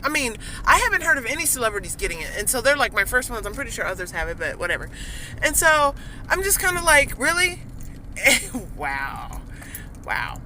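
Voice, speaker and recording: Lively chatty woman ranting from her car. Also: a little high, brisk, a little hiss or hum. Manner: chatty, rambling, frequent ums and laughs. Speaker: vlogger. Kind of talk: casual rant vlog. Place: in a parked car. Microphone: phone camera held or set down.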